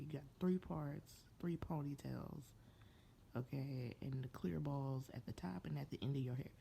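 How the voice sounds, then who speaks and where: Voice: mid-range voice, gravelly, mellow, a little hiss or hum. A person giving a casual, gossipy recap of a TV episode, slangy and playfully sassy, often breaking into laughter. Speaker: TV show reviewer.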